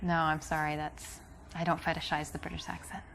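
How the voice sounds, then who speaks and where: An actress playing a dry, deadpan young American woman on a date in a dating game, with an American accent. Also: deep voice, fairly quick, creaky, slight background noise, low-quality recording. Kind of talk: video game dialogue.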